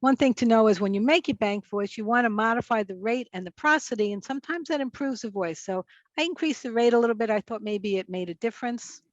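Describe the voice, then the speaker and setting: A woman's voice: on the high side, fast, no room sound, lo-fi sound. A woman speech pathologist giving a conference presentation in a casual, chatty way, often restarting her sentences. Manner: casual, chatty, self-correcting.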